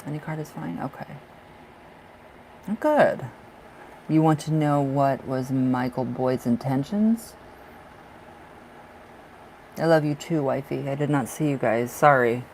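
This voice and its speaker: A man's voice: medium pitch, fairly even intonation, takes it slowly, vocal fry, pauses often, darkish tone, a little hiss or hum, low-quality recording. Effusive man reading tarot on a live stream. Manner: chatty, effusive, laughs often, calls viewers darling and love. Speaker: livestream tarot reader. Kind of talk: casual live-stream chat.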